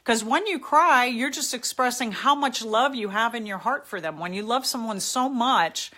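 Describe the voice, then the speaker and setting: A woman's voice: fairly high pitch, normal speed, bright, forceful tone. A middle-aged woman hosting a live chat, answering viewers' comments in a heartfelt, emotional and encouraging way. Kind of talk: live casual talk, reading out comments.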